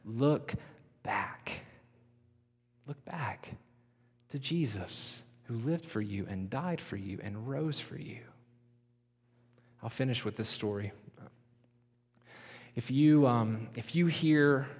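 A middle-aged man preaching a sermon in a church, earnest and slowing down to soften his voice for emphasis. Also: mid-range voice. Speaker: pastor. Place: church sanctuary. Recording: long reverb of a large hall.

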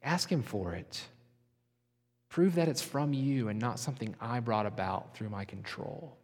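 A middle-aged man preaching a sermon in a church, earnest and slowing down to soften his voice for emphasis. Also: medium pitch, lively intonation. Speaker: pastor. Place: church sanctuary. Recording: long reverb of a large hall.

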